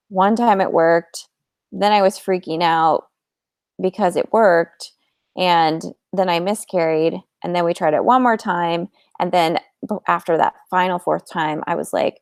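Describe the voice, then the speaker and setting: Woman with a low, gravelly voice. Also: darkish tone, no echo, clean studio sound. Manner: candid, chatty, heavy use of "like". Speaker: fertility coach. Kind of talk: casual personal storytelling to viewers.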